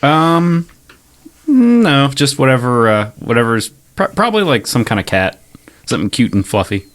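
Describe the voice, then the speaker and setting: A man speaking as a player in a tabletop game, relaxed and a bit hesitant. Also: mid-range voice, normal speed.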